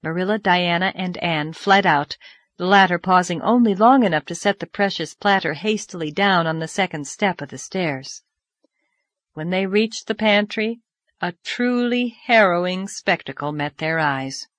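A woman's voice: lowish voice, no echo. Woman narrating a classic novel. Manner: measured, expressive storytelling. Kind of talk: audiobook narration.

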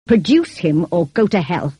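A woman reading the lines of a brooding, commanding middle-aged gentleman in an audiobook, curt and bitter in manner. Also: big pitch swings, moderate pace, slightly rough, no room sound, exaggerated voice. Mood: stern. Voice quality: deep, growling.

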